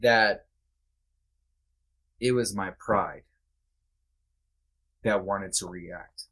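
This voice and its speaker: Podcast guest, male, lowish voice; earnest, reflective, halting delivery. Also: fairly bright tone. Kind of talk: candid conversation.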